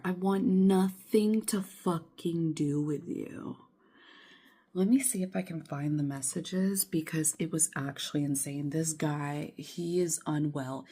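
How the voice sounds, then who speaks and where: A woman's voice: sits low, mellow, husky. A young woman vlogging from her bedroom, ranting in an exasperated way, swearing a lot and filling her talk with "like". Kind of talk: casual ranting vlog.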